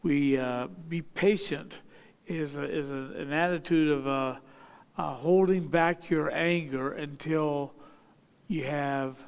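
A man preaching a sermon as a pastor. He reads scripture aloud, then explains it slowly, pausing often with fillers. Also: on the high side, steady tone, clear, resonant tone, in a large hall.

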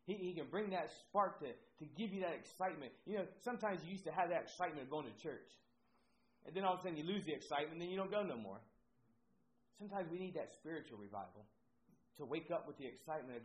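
A man's voice: a little high, animated, quick pace. A man from Ohio preaching a sermon with energy, repeating his phrases for emphasis. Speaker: pastor. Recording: dull lo-fi recording with faint noise.

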